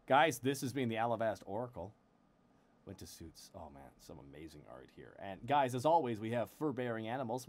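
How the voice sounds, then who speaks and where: A man hosting a casual live stream, reading a fan-made newspaper aloud with laughs and stumbles. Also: lowish voice. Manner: animated, laughing, reads with stumbles.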